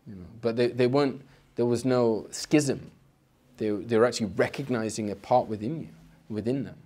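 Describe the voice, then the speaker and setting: A man's voice: normal speed, dark tone. A man giving an informal spiritual lecture. He talks conversationally and often repeats a word at the start of a phrase. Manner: acts out inner voices with sudden pitch jumps. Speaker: Islamic teacher.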